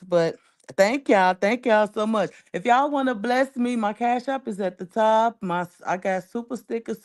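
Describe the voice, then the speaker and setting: Rambling woman on a livestream. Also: mid-range voice. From Chicago area, US. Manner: rambling, emotional, thanks viewers by name. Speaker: livestream host. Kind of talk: casual livestream chat.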